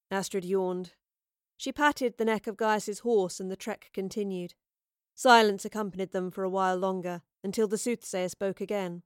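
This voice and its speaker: A woman's voice: mid-range voice, clear, resonant tone, no echo. Woman narrating an audiobook, dry sound. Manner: measured, steady storytelling. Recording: dry close recording.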